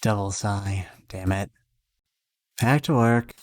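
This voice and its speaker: A man's voice: fairly low pitch, slow, no room sound. A man streaming a game playthrough, reading its dialogue with dry, sarcastic commentary.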